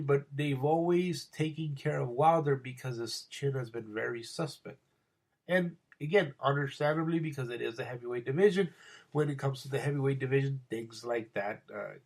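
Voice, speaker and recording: Male podcast host, casual profane monologue, loose and rambling, slightly high voice. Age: adult with wife. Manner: rambling, profane, frequent restarts.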